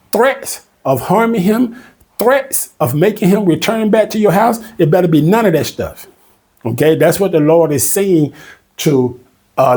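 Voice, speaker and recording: A man teaching an informal Bible study, reading scripture aloud slowly and explaining it in an emphatic, repetitive way, often checking in with "okay?". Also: sits high, mellow, slightly rough.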